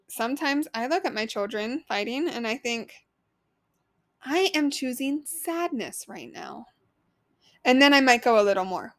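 A woman's voice: on the high side, a bit bright, no room sound, clean studio sound. A woman in her thirties hosting a solo podcast as a life coach, talking earnestly and conversationally and asking the listener questions.

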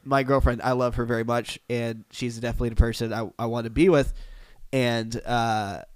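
A young man co-hosting a podcast, speaking in an earnest, open and slightly halting way. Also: mid-range voice, steady tone, clear, resonant tone, dry recording. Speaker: podcast co-host. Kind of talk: casual chat.

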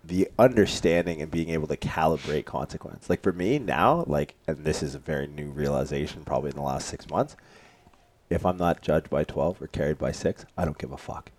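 Co-host, male, very deep voice, blunt and casual. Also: brisk, a little mellow. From Canada. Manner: blunt, profane. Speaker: podcast co-host. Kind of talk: casual podcast conversation.

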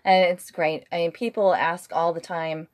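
An American woman chatting casually, telling stories with lively acted-out quotes and frequent laughter. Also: on the low side, moderate pace. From United States. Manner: animated storytelling, acts out quotes, laughs often. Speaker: podcast co-host, wife. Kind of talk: casual chat.

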